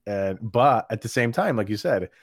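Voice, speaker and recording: A man's voice: on the low side, expressive, moderate pace, slightly rough, no echo, clean studio sound. A man chatting casually as a podcast co-host, rambling with many fillers and restarts. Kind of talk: casual chat.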